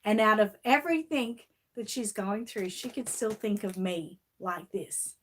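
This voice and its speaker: An Australian woman hosting a live stream, opening a gift box and talking warmly and emotionally to her viewers in casual chat. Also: mid-range voice, a little slow. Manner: gushing, emotional, talks to viewers. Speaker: channel host unboxing a gift.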